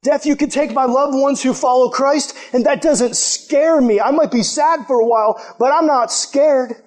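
High-voiced animated young preacher. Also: male voice, normal speed. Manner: animated, playful, lots of asides and voices. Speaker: youth pastor. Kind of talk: sermon.

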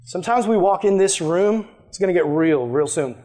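Guy with a high voice preaching to a youth group, casual and emphatic, like talking straight to the kids. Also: normal speed, dark tone. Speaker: youth pastor.

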